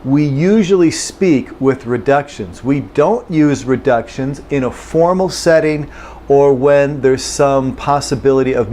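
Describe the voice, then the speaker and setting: A man teaching English pronunciation, patiently saying phrases slowly and then at normal speed. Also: mid-range voice, a little mellow, a little hiss or hum. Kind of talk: pronunciation lesson.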